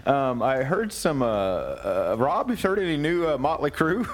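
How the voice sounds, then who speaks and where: A man's voice: medium pitch, sing-song, unhurried, a little hiss or hum. A man hosting a casual radio talk show, chatting loosely with many fillers and frequent laughs. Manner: laughs often, rambling with fillers. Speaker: podcast host.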